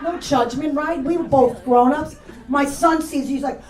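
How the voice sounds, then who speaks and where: A woman's voice: high voice, moderate pace, darkish tone. A middle-aged woman with a New York accent doing a profane, mocking stand-up comedy set in a club. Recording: echoey room mic heard from a distance, crowd laughter. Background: audience laughing.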